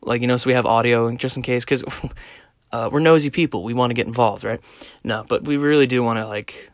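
A man's voice: medium pitch, fairly quick, no room sound, studio quality. A man hosting a podcast who tells a story in a casual, rambling way, swearing often and laughing now and then. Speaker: podcast host.

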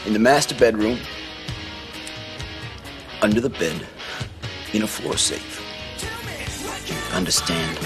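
A man's voice: fairly low pitch, lively intonation, slow pace, long pauses. An actor playing a coked-up male robber who makes insistent, repeated threats in a film scene. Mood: menacing. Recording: film clip with music underneath.

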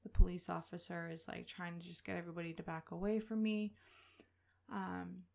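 A woman in her thirties, a podcast host chatting through a personal story in an animated way, full of filler words. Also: on the low side, fairly quick, vocal fry.

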